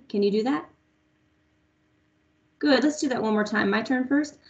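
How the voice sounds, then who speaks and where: A woman's voice: fairly high pitch, moderate pace, pauses often. A young woman music teacher leading an online lesson for small children, patiently singing short lines for them to echo back. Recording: lo-fi online class audio.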